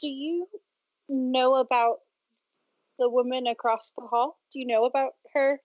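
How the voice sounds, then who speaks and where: A woman's voice: high-pitched, fairly even intonation, unhurried, a little mellow, no echo. A woman player in a tabletop game, hesitant and playful. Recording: dry lo-fi recording.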